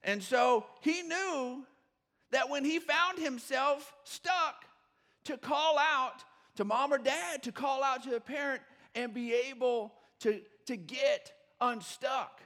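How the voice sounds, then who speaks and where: A middle-aged male pastor preaching a sermon, telling a story with fillers and restarts before he builds to shouted points. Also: very high voice, takes it slowly, in a large hall. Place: church sanctuary.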